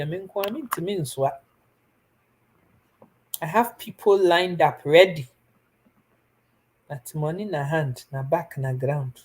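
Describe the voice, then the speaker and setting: In a casual advice talk to viewers, a young Ghanaian live-stream host speaks in a low-pitched, darkish voice. She sounds earnest and pleading, moving between Twi and English.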